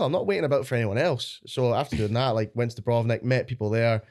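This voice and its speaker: A young adult Scottish man, a powerlifter appearing as a podcast guest, tells stories in a chatty, rambling way and swears freely during casual podcast chat. His mid-range voice moves fast, with a darkish tone.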